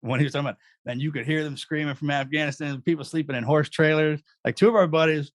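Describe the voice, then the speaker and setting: A man's voice: on the high side, fairly even intonation, fast talker. A man, a guest recounting memories in a joking, laughing way. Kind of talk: casual storytelling.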